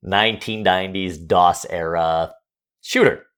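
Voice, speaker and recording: A man co-hosting a casual podcast, reviewing a game with jokey, animated asides. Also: low voice, a little slow, smooth. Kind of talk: casual chat.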